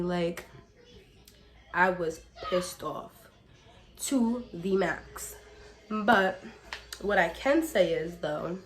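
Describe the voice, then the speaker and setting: Young woman, hoarse from a cold. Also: mid-range voice. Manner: chatty, swears freely, frequent "like" fillers; addresses viewers directly as y'all. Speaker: vlogger. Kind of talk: casual storytime.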